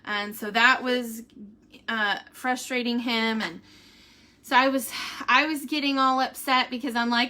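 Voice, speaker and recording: A woman's voice: on the high side, fairly even intonation, a little slow, sharp tone. A woman, chatting in a rambling, casual way, reading a devotional and giving a family update, sometimes close to tears. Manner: chatty, rambling, with fillers and laughs. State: emotional, near tears at times. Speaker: vlogger sharing a family update.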